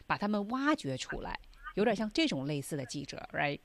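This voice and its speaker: A woman hosting a bilingual language lesson, animated and emphatic, mixing two languages. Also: sits low, brisk, dry recording. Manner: animated, switches between languages, rising emphasis. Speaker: teacher and host.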